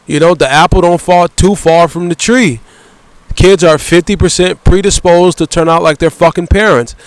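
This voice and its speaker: Profane ranting man, smooth dry voice. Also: fairly high pitch, no room sound, low-quality recording. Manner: profane, repetitive, ends phrases with "bro"; blunt and heated. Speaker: vlogger. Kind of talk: angry rant vlog.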